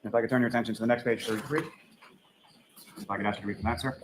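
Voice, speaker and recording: Rapid formal courtroom attorney, a man. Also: medium pitch, fairly even intonation, a little hiss or hum, low-quality recording. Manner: formal, repeats set phrases. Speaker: trial attorney. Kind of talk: courtroom questioning.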